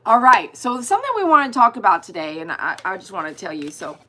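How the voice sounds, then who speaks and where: A woman's voice: mid-range voice, very animated, fast talker, sharp tone. A woman hosting a livestream, chatting casually and greeting viewers by name. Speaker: dog groomer hosting a livestream.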